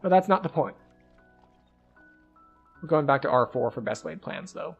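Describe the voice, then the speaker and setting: A man's voice: a little high, animated, moderate pace, gravelly, husky, phone-quality sound, soft background music. A man streaming a game, giving casual, chatty and analytic commentary with frequent likes.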